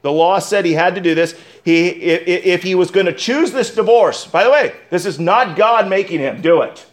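A male pastor preaching a sermon, speaking emphatically, with sudden loud stresses and quiet asides, and putting questions straight to his congregation. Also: sits high, normal speed. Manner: asks the congregation direct questions.

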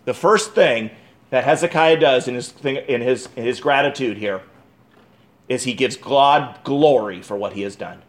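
A male pastor preaching a sermon, calling his listeners friends, moving from loud pleading to hushed, slowed emphasis. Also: medium pitch. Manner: addresses the congregation as friends, asks rhetorical questions.

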